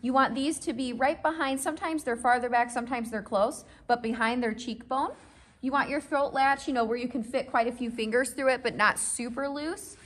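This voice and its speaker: A woman who owns and rides horses vlogs at a horse farm, walking through things step by step in a friendly, casual instructional style and checking in with viewers along the way. Her voice is somewhat high and a bit bright, with fairly even intonation and a slightly fast pace.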